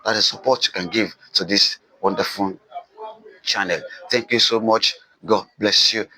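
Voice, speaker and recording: A man's voice: lowish voice, fairly even intonation, normal speed, bright, forceful tone, breathy edge, no room sound, poor audio. A man teaching a recorded literature lesson, repeating key points with emphasis and answering his own questions. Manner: repetitive, emphatic, asks questions and answers them himself.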